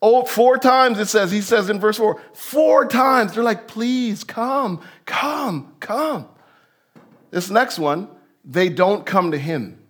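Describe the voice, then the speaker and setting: A man's voice: high-pitched, expressive, measured pace, a bit bright. A man preaching a sermon as pastor, in a conversational way that acts out the voices in the text.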